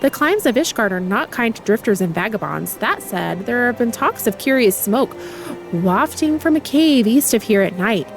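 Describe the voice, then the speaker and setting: A woman's voice: on the high side, lively intonation, normal speed, over music. A woman reading aloud as a formal-spoken male guard from a game, in old-fashioned wording.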